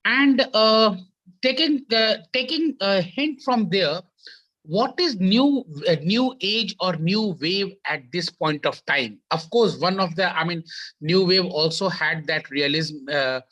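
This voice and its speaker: A man gives an academic talk as a conference panelist over a video call, halting often and repeating words as he restarts his sentences. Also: sits high, expressive, bright, forceful tone, rough recording. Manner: halting, with frequent repetitions and restarts.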